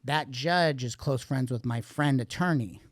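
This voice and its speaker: A man's voice: medium pitch, a little slow, no echo. A man guest on a podcast, candidly telling a rambling, profanity-laced story about addiction and recovery. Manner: profane, blunt, rambling with restarts.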